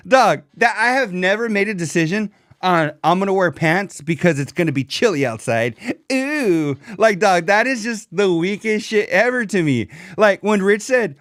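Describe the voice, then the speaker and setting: Man, young adult, podcast co-host, lively mocking banter, slightly high voice, dry close mic. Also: moderate pace, no echo. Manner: animated, swearing, mocking impressions of others. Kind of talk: casual comedic chat.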